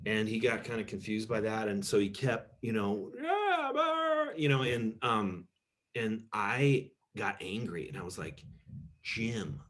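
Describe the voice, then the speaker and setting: Low-voiced rambling man leading a church talk. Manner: rambling and self-deprecating, full of "you know". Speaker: pastor leading a group discussion. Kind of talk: casual teaching talk with audience questions.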